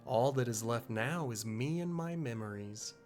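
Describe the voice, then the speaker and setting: Man voicing a young female thief, put-on Australian accent, heartfelt drawl, mid-pitched, soft music underneath. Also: animated, normal speed, lightly acted. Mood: wistful. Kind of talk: reading game dialogue aloud.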